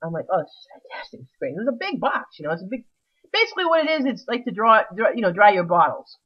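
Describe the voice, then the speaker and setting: A woman's voice: mid-range voice, sing-song, fast talker, husky, dull audio. A woman telling a rambling, self-mocking comic story with many restarts.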